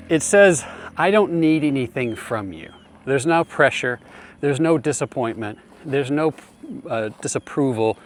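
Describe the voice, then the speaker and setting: Earnest male coach, mid-pitched, plain advice talk, addresses the listener as brother. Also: animated, unhurried, slight background noise. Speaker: marriage coach. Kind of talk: direct-to-camera advice talk.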